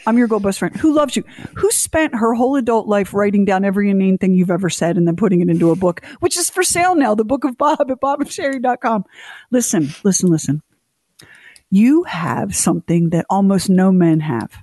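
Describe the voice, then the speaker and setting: A woman's voice: medium pitch, a little fast, mellow, dry recording. Chatty woman radio co-host. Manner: chatty, comedic storytelling with put-on quotes. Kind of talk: casual radio chat.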